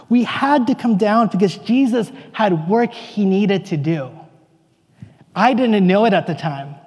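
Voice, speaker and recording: A man playing a bewildered, excitable apostle, telling his story in earnest, rambling first-person monologue. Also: high-pitched, long reverb tail. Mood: reflective. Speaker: actor in a church dramatic monologue.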